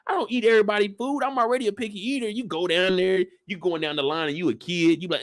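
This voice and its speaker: A man hosting a casual live after-show discussion, ranting comedically with heavy slang and swearing, and jumping into loud voices for the people he quotes. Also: high-pitched, fast talker, few pauses. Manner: animated, comedic rant with lots of slang and swearing. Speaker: show reaction host.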